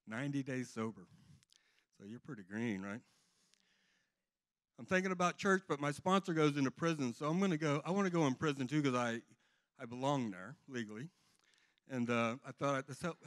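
A man's voice: medium pitch, moderate pace, long pauses, a bit bright. A middle-aged man giving a rambling, earnest personal testimony to a church congregation. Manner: earnest, rambling storytelling with restarts.

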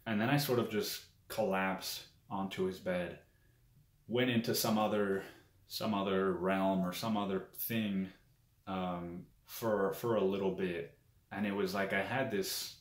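A man telling a candid personal story in a casual monologue, swearing often and breaking into nervous laughs. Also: sits low. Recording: echoey room.

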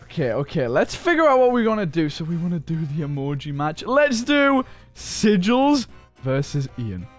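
A young man hosting a gaming video, giving playful, teasing, excitable commentary with lots of exclamations. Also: a little high, moderate pace, faint music behind.

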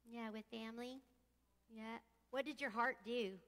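A woman's voice: a little high, a little slow. A woman preaching a casual, chatty sermon in a church sanctuary, leading her congregation through prayer and questions. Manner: chatty, animated, leads call-and-response singing. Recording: echoey church hall.

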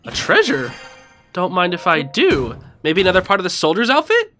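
A gaming host narrating a playthrough in an excitable, chatty way, reacting to everything and calling out to the enemies. The voice swoops up and down with energy and has a bright, sharp edge, while faint game music plays underneath. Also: medium pitch, normal speed. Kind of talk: casual let's-play commentary.

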